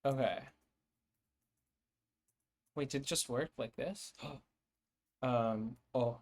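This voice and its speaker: A man talks unhurriedly through his language-building work on a stream, pausing often and restarting his sentences. He sounds out invented words again and again as he weighs them. His pitch sits in an ordinary middle range. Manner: hesitant, many fillers and restarts, sounds out words. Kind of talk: thinking aloud while working.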